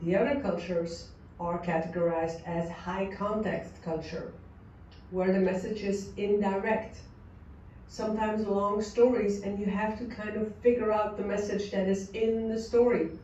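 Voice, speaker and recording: A woman delivers a lecture at an unhurried pace, explaining each point and now and then acting out short quoted examples. Her voice is mellow and sits a little far from the mic. The audio is dull and heavily echoey. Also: medium pitch, flat delivery, a little hiss or hum. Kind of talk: recorded lecture on culture.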